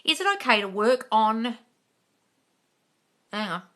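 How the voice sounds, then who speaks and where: A woman's voice: on the high side, lively intonation, slow, fairly bright tone. A young woman coach answering viewer questions in a casual live stream, chatty and blunt, swearing now and then. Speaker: manifestation coach.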